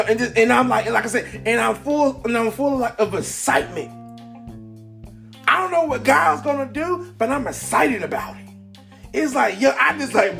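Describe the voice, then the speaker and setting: A man's voice: extremely high pitch, creaky, a bit bright. A man in a casual motivational talk to camera, rambling and repeating words, with many fillers, recorded indoors at home. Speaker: vlogger. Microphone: camera in front of him.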